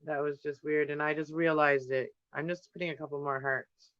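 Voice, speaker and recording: A man with a fairly high, bright and smooth voice talks loosely while painting, wandering from one thought to the next. The sound is dry and close. It has a dull, lo-fi stream quality. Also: level tone, moderate pace, no echo. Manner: thinks aloud, drifting from topic to topic with fillers. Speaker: livestream host painting on camera. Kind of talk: casual rambling chat while painting. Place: indoors at home.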